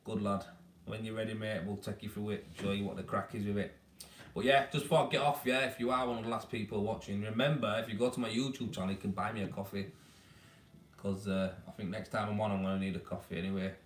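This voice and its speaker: Chatty Leeds man, low voice, echoey room. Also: fairly even intonation, quick pace, a little hiss or hum. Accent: Leeds Yorkshire. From Leeds, England. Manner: chatty, blunt, down-to-earth, full of "mate" and "man". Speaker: tradesman hosting a weekly live Q&A stream. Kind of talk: casual live-stream chat giving advice. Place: baby's room at home.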